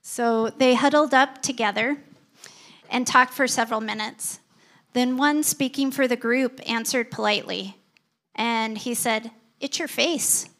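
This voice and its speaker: Slow, earnest woman pastor preaching. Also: on the high side, fairly even intonation, a bit bright. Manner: personal storytelling, earnest. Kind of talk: sermon.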